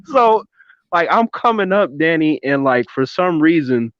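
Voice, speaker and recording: A man in his thirties telling a story in a casual chat, animated and swearing, on a dull, dry recording. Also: a little high, unhurried, no echo. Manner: animated, swearing, keeps addressing his co-host by name. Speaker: podcast co-host.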